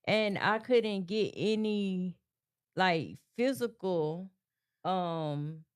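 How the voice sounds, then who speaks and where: A woman on a talk panel, speaking haltingly and repeating herself as she thinks it through. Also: on the low side, clean tone. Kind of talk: casual chat.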